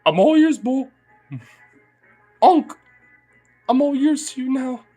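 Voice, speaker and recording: A man voicing his big goofy male dog talking back in a high, cheeky, mock-innocent tone. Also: slow pace, mellow, soft background music, heavily acted.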